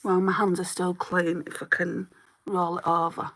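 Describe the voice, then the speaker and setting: A woman in her forties with a Lancashire accent, chatting through a live makeup tutorial and answering viewer comments, her throat a little hoarse. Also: lowish voice, little pitch movement, moderate pace, fairly bright tone. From Northwest England. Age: 40s. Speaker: makeup livestreamer.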